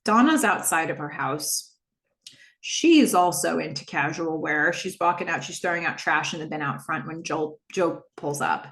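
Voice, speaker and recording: At a moderate pace, an animated woman recaps a TV episode on her podcast in a casual way, performing the dialogue and changing pitch for each character. The sound is roomy and echoing.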